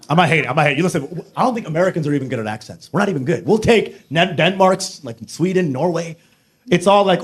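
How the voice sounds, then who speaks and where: A man with a high, bouncy voice doing stand-up into a handheld mic. He is brash and profane and slips into silly accents and impressions. His pitch leaps up and down all through the bits. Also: expressive, fast talker, a little hiss or hum. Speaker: stand-up comedian. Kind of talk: stand-up comedy set. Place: comedy club stage before a live audience.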